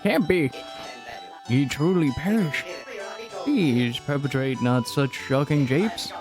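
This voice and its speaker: A blunt townsman from a video game, sizing up a stranger in folksy, old-fashioned words, as a man puts him on. His voice rides a little above the man's usual pitch and sounds plain and gruff. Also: expressive, slow pace, over music. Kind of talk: reading game dialogue aloud.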